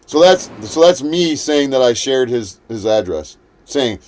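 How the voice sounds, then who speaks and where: A man's voice: medium pitch, expressive, normal speed, a little mellow. A man hosting a livestream, ranting in a heated, profane, combative way. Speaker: livestream host. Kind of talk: livestream rant.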